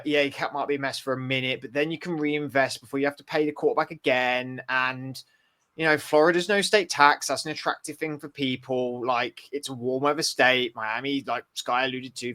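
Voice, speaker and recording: Man with a bright, rambling delivery. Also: mid-range voice. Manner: rambling, thinks aloud with restarts. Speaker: podcast co-host. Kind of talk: casual chat.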